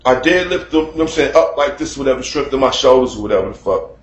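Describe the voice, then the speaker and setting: Profane, animated man in an echoey room. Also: mid-range voice, quick pace. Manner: animated, profane, mimics shouting at a neighbor. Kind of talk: casual storytelling to camera. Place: basement room at home. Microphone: camera mic.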